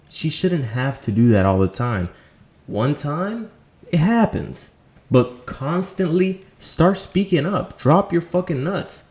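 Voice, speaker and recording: A man's voice: mid-range voice, a little slow, darkish tone. Blunt, profane male dating coach. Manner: blunt, profane, preachy with rhetorical questions; punchy emphatic delivery. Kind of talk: motivational monologue to camera.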